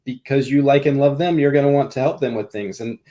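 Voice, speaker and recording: Measured, thoughtful man explaining. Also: mid-range voice, dark tone. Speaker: podcast co-host. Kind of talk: casual chat.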